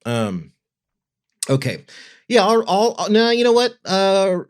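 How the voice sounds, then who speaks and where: A man's voice: high voice, very animated, takes it slowly. A man hosting a podcast, running the segment and calling on his guests in casual chat. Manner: runs the segment, calls on guests. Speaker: podcast host.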